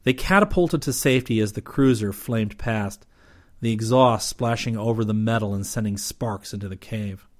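A man reading an adventure novel aloud in steady, even audiobook narration. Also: fairly low pitch, normal speed.

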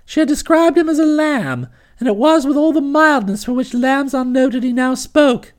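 A woman narrating a comic novel as an audiobook, with expressive, lively storytelling. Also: sits high, moderate pace.

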